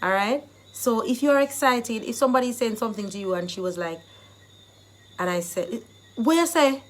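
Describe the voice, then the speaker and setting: A woman hosting a casual video tutorial, teaching phrases and acting them out loudly. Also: mid-range voice, a little fast. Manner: animated, acts out phrases loudly. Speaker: YouTube host teaching phrases.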